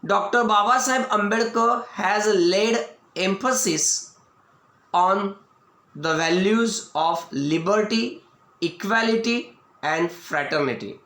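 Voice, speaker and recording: A man with an Indian English accent teaches a lesson in a video lecture, speaking slowly and deliberately and repeating each point. His voice sits fairly high. The recording rings with the echo of a roomy space. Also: pushed and bright. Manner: slow, repetitive explaining, restating each point. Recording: echoey room.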